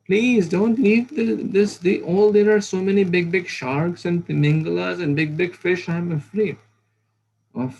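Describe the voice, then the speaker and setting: A man voicing the Lord as a tiny, frightened male fish who pleads haltingly for protection. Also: high-pitched, steady tone, creaky, a little mellow, slight background noise, pitched above the performer's own voice. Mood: fearful pleading. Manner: pleading, halting, repeats words in fear.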